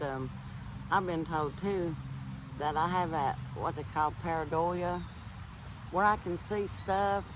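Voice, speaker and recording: A man's voice: a little high, noisy background. A man earnestly telling viewers a personal ghost story and insisting it is true. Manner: earnest, insistent, swears to be truthful.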